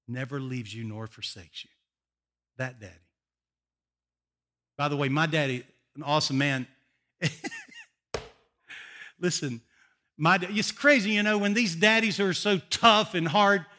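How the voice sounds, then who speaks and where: An older male pastor preaching, telling personal stories with animated, emotional delivery. His voice is bright and forceful and sits somewhat high for a man. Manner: animated, emotional storytelling with frequent laughs. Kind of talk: sermon with personal storytelling.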